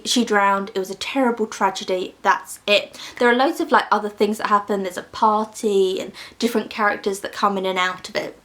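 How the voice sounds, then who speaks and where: A woman from the United Kingdom giving an animated, slightly ranty book review in a casual, chatty way, laughing between points. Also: mid-range voice.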